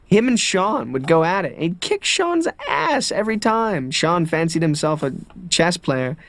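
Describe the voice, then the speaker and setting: Man, higher lively pitch, enthusiastic, dry close sound. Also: a little slow, no echo. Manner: enthusiastic, expressive. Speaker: film actor interviewee. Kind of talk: anecdotal interview.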